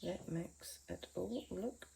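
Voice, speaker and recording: A woman's voice: fairly low pitch, takes it slowly, gravelly, mellow, slight background noise. A woman giving a chatty, encouraging painting tutorial from her home art studio, talking to viewers as friends. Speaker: art teacher.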